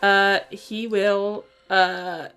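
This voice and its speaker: A woman's voice: mid-range voice, level tone, drawn-out words, fairly bright tone. A woman with a mid-range voice, describing her character in a tabletop game in a loose, hesitant way. Faint music plays underneath. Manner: casual, hesitant with fillers. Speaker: player.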